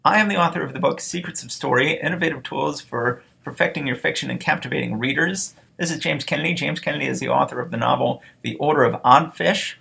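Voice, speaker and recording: A man's voice: a little high, quick pace, gravelly, hardly any pauses, pushed and bright, slightly rough. An American man co-hosting a writing podcast, talking in a casual, self-deprecating way with frequent laughs. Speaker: podcast co-host, author.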